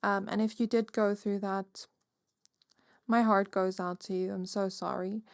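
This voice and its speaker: A woman's voice: medium pitch, level tone, measured pace, gravelly, dry recording, clean studio sound. A woman giving a casual pick-a-card tarot reading, musing aloud with many fillers. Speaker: tarot reader.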